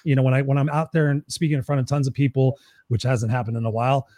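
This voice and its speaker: A man's voice: medium pitch, little pitch movement, fast, dark tone, dry recording, studio quality. A man hosting an interview, telling motivational stories with energy. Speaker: podcast host. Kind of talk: casual interview conversation.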